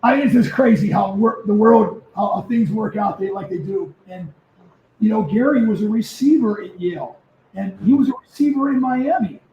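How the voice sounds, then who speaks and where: A man in his seventies, a former football player, telling stories as a guest in a casual interview, lively and prone to repeating himself. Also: high-pitched, normal speed, a little hiss or hum. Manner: animated storyteller who repeats words. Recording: echoey, muffled remote audio.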